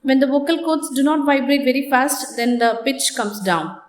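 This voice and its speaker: A woman with a high voice gives a classroom lecture, explaining each point slowly and repeating her examples. She checks in with her listeners now and then. The recording carries a roomy echo. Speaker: teacher. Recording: echoey room.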